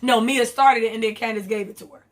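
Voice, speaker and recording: A woman's voice: a little high, steady tone, quick pace. A woman recapping reality TV in a blunt, profane, rambling vlog. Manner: blunt, profane, rambling commentary with quoted asides.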